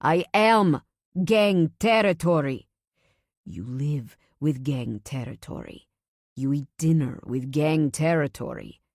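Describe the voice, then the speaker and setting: A woman's voice: sits low, takes it slowly, a little mellow, no room sound, studio quality, full character voice. A woman voicing a domineering mafia husband who speaks in a firm, clipped, controlling way. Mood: commanding. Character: domineering mafia husband, calm, commanding man.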